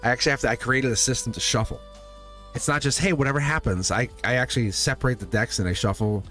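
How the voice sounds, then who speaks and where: A man's voice: medium pitch, quick pace, fairly bright tone, faint music behind. A man hosting a live tarot stream in casual, rambling chat, chuckling between sentences. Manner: slips into playful put-on voices when quoting people.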